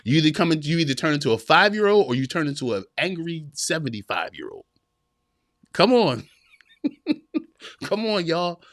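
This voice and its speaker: A man's voice: fairly high pitch, big pitch swings, normal speed, long pauses, a bit bright, no echo, studio quality. A man in his thirties hosting a podcast livestream, giving earnest, preachy advice to men and repeating his points. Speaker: podcast host. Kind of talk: livestream motivational talk.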